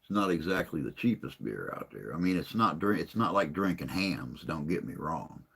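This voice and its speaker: A man with a very deep voice and plenty of gravelly fry hosts a live stream. He chats casually in a rambling, folksy way, sounding a bit tired and under the weather. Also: animated, normal speed, fairly bright tone. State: tired and unwell.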